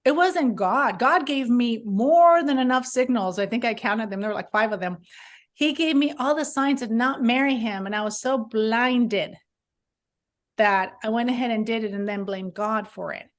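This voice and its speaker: A woman's voice: a little high, normal speed. Earnest rambling woman telling her story. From Southern California. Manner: earnest, rambling, many restarts and fillers. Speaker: author guest. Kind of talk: personal testimony in an interview.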